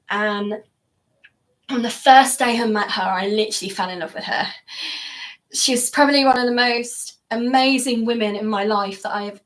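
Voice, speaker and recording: Brief: woman recording a personal vlog at home, fairly high voice, hesitant and reflective. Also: a bit bright, recorded from a distance. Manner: hesitant, many fillers, halting restarts. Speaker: vlogger. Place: upstairs at home indoors.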